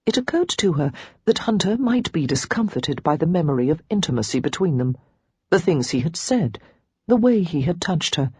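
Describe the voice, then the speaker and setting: A woman reading a romance novel aloud as an audiobook narrator, giving each character a pitch and tone of their own. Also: sing-song, normal speed, a little mellow, husky, no room sound.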